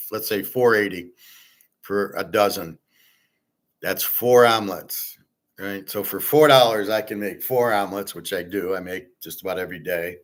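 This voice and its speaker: Blunt, low-voiced man ranting casually. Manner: blunt, opinionated, swears casually; rambling with fillers, trails off quietly. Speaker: host. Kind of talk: casual monologue.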